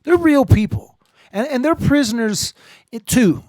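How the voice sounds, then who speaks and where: A man's voice: very high voice, animated, measured pace, no room sound, clean studio sound. Rambling man hosting a live stream. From Ireland. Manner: rambling, joking, swings between muttering and loud. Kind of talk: casual live-stream commentary.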